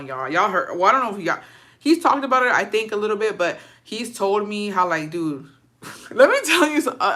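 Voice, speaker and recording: A woman's voice: on the low side, sharp tone. A woman from Texas chatting casually on a livestream with viewers, gossiping and swearing freely and slipping Spanish phrases into her English.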